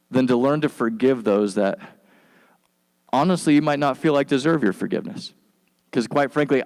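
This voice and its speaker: A male pastor preaching in a loose, conversational style, full of slang and asides. His voice sits at an ordinary pitch and carries a long reverb from a large hall. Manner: relaxed and slangy, acts out quick voices for biblical figures. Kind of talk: casual conversational sermon.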